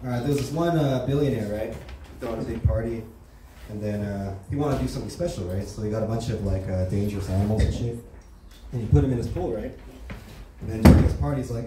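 Man, stand-up comedian, casual profane storytelling, mellow voice, very echoey club, distant mic. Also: lowish voice, fast, a little hiss or hum. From Los Angeles area. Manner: casual, profane storytelling with many tag questions. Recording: echoey room, mic from afar.

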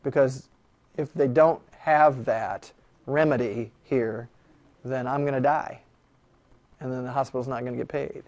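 With a medium-pitched voice, a man lectures a classroom on law, unhurried and pausing often. He's animated and full of jokes, firing rhetorical questions at the students.

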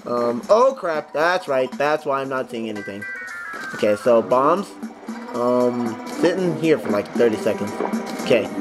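Excitable young man with a lively voice. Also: mid-range voice, low-quality recording. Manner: excitable, jokey, talks to enemies, sings snatches. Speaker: gaming channel host. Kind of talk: casual gameplay commentary. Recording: music playing under the voice.

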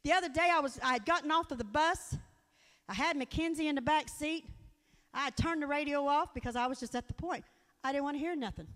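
Woman, folksy earnest sermon, high voice, reverberant church hall. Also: fairly quick, a bit bright. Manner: folksy, earnest, storytelling with direct appeals. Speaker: guest speaker at church. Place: church sanctuary.

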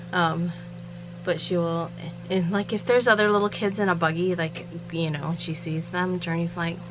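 A woman's voice: fairly low pitch, steady tone, normal speed, noisy background. A woman chatting casually from home in a rambling vlog, laughing often. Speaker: vlogger running a shirt business.

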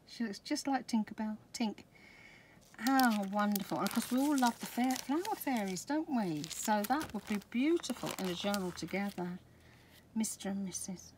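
A middle-aged Scottish woman chatting through an unboxing of craft supplies, gushing with excitement and dropping to soft whispers over favourite pieces. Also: medium pitch, normal speed. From Scotland. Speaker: craft vlogger. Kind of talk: product unboxing chat. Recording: background noise with crinkling packaging.

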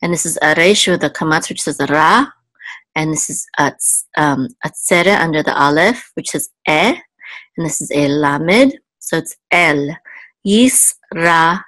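A woman with a low-pitched, fairly bright voice gives a casual, step-by-step Hebrew reading lesson with no echo. She patiently sounds out syllables one at a time, slowly spelling out sounds and thinking aloud with frequent ums.

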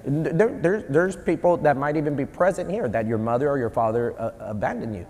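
A man in his thirties preaching a conversational sermon as a pastor, animated and joking between stories. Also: fairly high pitch. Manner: conversational, animated, quick asides and jokes. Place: church sanctuary. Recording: long hall reverb.

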